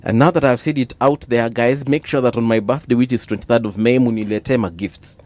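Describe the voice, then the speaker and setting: A man with a Kenyan accent hosting a casual breakfast radio show, chatty and quick to laugh, switching into Swahili. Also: medium pitch. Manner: lively, laughs often, mixes in Swahili. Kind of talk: casual bilingual radio chat. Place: radio studio.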